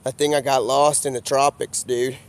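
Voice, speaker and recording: A man of middle pitch rambles through a loose, improvised comedy bit outdoors. His talk drawls along in casual slang, tacking "man" onto almost every line. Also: level tone, normal speed, clean tone. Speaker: comedic vlogger.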